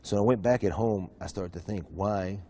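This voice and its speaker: Man, deep and mellow, quick delivery, interview guest recounting his past. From USA. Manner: fast, animated storytelling with many fillers. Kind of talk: telling his conversion story.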